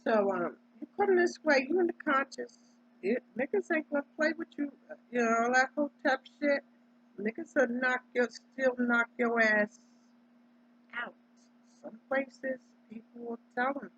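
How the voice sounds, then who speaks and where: A husky woman from Delaware holds forth in a casual, preachy monologue, pressing each point and checking in with "right?" as she goes. Her voice sits in a middle range and comes through dull, lo-fi audio. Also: high-pitched, measured pace, a bit bright. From Delaware, United States. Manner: emphatic, preachy, tags lines with "right?". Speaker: vlogger.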